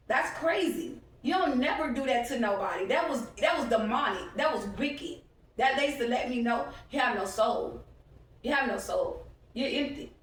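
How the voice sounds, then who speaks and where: A woman's voice: fairly high pitch, heavy reverb, distant mic, poor audio. A young woman vlogging outdoors while walking along a street, telling a profane, heated story on her phone. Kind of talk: casual ranting vlog.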